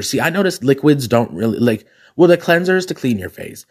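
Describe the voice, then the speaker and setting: Sassy raspy man, podcast host. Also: fairly high pitch, brisk, hardly any pauses. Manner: animated, sassy and gossipy, laughs often; drag queen talk. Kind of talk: casual solo podcast chat.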